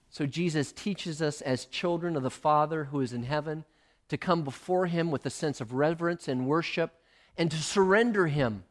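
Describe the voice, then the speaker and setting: A male preacher giving a sermon, emphatic and swinging between loud and hushed. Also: a little high.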